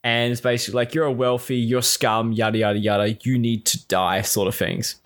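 A man's voice: medium pitch, flat delivery, brisk, fairly bright tone. Profane, exasperated man recapping a show. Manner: profane, exasperated, acts out quoted lines. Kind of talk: casual spoken recap.

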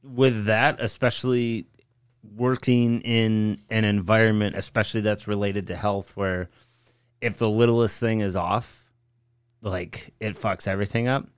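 A low-voiced man co-hosts a casual podcast chat. He tells stories in a laid-back, easygoing way, full of fillers like "like". The sound is dry and close-miked. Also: steady tone, unhurried, smooth, no room sound. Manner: laid-back storytelling, says like and right on. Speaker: podcast co-host.

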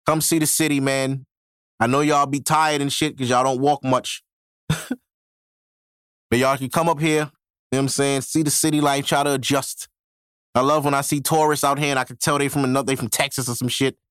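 A man's voice: medium pitch, level tone, brisk, a bit bright, clear, resonant tone, no room sound. Male podcast host, casual solo rant, heavy slang and cursing, dry close-mic sound. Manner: loose, profane street slang with frequent laughs. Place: home podcast setup in New York.

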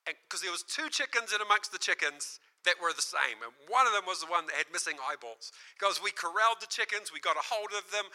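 Man, preacher, sermon storytelling, high voice, animated, quotes in character. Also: poor audio.

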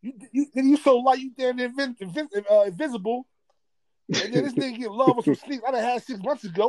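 A man telling a stand-up story, animated and profane, getting loud and laughing as he talks. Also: very high voice, quick pace, no echo. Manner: gets loud and excitable, often laughing mid-sentence. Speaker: comedian.

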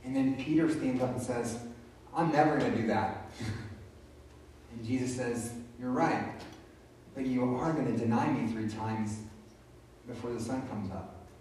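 A man's voice: mid-range voice, measured pace, pauses often, dark tone. Man, pastor, conversational sermon, heavy room echo, distant mic, faint room hum. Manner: conversational, retelling scripture in his own words.

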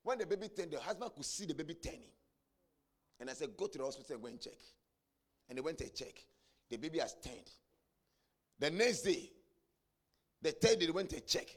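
A man preaching a sermon, telling a story and building to shouted climaxes. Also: fairly high pitch, expressive, brisk, long pauses. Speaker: pastor.

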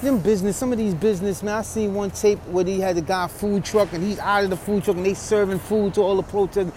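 A man's voice: sits high, fairly even intonation, fast, few pauses, a little mellow. A man from New York City with a New York accent hosts his podcast while walking a city street. He talks with emotion in street slang and repeats his phrases. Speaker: podcast host. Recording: faint street noise outdoors. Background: street traffic noise.

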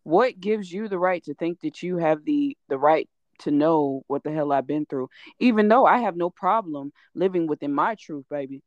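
A woman's voice: low voice, normal speed, hardly any pauses, darkish tone, no room sound, dull audio. A woman content creator speaking indignantly and emphatically in a casual chat, with frequent swearing.

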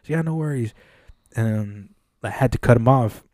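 Man, podcast co-host, casual storytelling, acts out voices, swears a lot, mellow tone, dry studio sound. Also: medium pitch, moderate pace, no room sound. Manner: animated, acts out quoted dialogue, frequent swearing. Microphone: studio mic.

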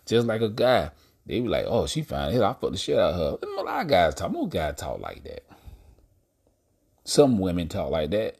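A man with a very low voice hosts his own podcast, holding forth alone in a loose, rambling monologue. He speaks bluntly and swears freely, turning often to address his listeners directly. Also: vocal fry. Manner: blunt, profane, preachy asides to listeners. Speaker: podcast host. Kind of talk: casual monologue.

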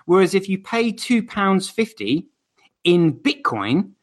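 Man, co-host, a bit high voice, explains, repeats himself. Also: big pitch swings, slow. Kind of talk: casual chat on a live show.

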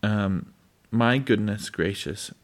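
A man reading a worried, scolding pioneer mother's lines aloud in a slow, halting way. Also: lowish voice.

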